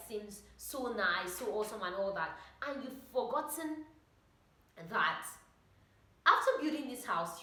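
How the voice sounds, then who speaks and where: Woman vlogger, high bright voice, very animated, echoey room, chatty pep talk. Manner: animated, chatty, full of "like" and "oh my God". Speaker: vlogger and trainee pilot. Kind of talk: motivational casual talk to camera.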